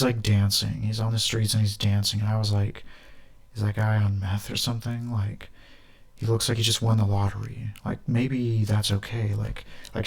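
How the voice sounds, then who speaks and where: A man with a gravelly, fairly low voice talks through his thoughts in a loose, casual stream. He leans on fillers and restarts, and the doubled audio adds a flanger-like smear. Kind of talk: casual rambling monologue.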